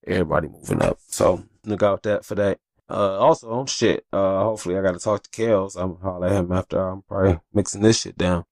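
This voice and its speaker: A man's voice: low voice, creaky, no echo, studio quality. A man hosting his own podcast, telling stories in a loose, profane, casual way with lots of fillers. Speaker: podcast host. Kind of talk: casual solo podcast talk.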